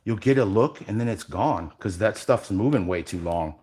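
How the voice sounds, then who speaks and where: A man leads a live epoxy workshop demo, chatting casually with his viewers. His pitch swings widely, rising high when he greets the chat and sinking low and quiet as he concentrates on the work. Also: expressive, moderate pace. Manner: casual, chatty, addresses viewers directly, drifts quiet while working. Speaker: epoxy artist and workshop host.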